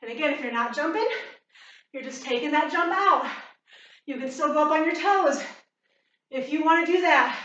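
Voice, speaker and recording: A high, bright-voiced woman coaches a bootcamp workout while doing the moves herself, out of breath and encouraging. Her voice rings through a very echoey room, picked up from a distance with a slightly dull sound. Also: moderate pace, long pauses, slight background noise. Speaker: fitness instructor. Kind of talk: workout instruction.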